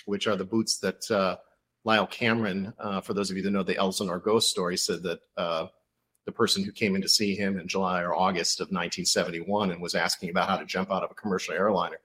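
Lowish guy, author on a podcast, chatty storyteller, keeps saying uh. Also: fast, slight background noise. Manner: animated storytelling, many fillers. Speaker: author guest. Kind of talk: casual podcast interview.

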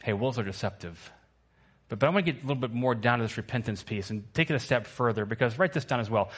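A man's voice: lowish voice, brisk, fairly bright tone. A male pastor preaching a sermon to his church, emphatic and repetitive, asking the congregation to answer back.

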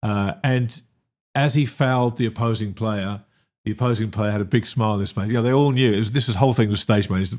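A man co-hosting a casual sports podcast, talking in a dry, wry, unhurried way. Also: fairly low pitch, a little mellow. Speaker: podcast co-host.

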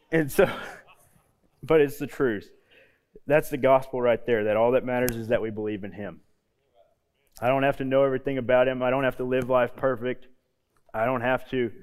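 Man, thirties, youth pastor, casual sermon, soft low emphasis, church hall, long reverb. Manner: casual storytelling, drops soft and low on key points.

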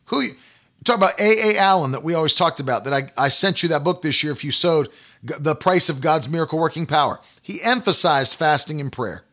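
A man's voice: fairly high pitch, bright, forceful tone. A man preaching a sermon, emphatic and repetitive, driving points home with rhetorical questions. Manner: emphatic, repetitive call-and-response phrasing.

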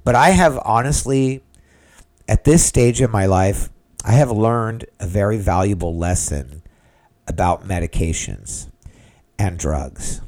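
A man's voice: fairly low pitch, a little slow, darkish tone. A middle-aged man hosting a solo podcast, talking in an emphatic, rambling way and often repeating himself. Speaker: podcast host. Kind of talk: opinionated solo podcast monologue.

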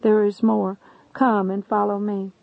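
A woman's voice: mid-range voice, level tone, a little slow, gravelly, no echo. A woman voicing a sorrowful male savior who speaks solemnly of judgment. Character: sorrowful stern male savior judging souls. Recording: dull lo-fi recording.

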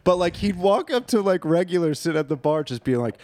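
A man's voice: on the high side, animated, fairly quick, hardly any pauses, a little mellow, no room sound. A man in his twenties, a podcast co-host, telling a workplace story in casual, profane chat.

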